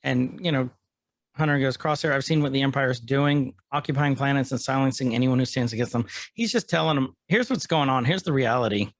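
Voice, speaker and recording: A man's voice: mid-range voice, fairly quick, dry recording. A man co-hosting a podcast, casually retelling episode scenes and quoting the characters. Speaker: podcast co-host.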